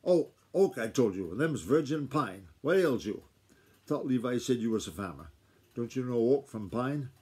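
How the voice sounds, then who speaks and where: A man voicing a gruff old farmer grandfather, speaking in a rustic drawl that swings from blustery to gentle. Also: medium pitch, lively intonation, normal speed. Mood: impatient. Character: gruff old male farmer grandfather, country dialect, impatient.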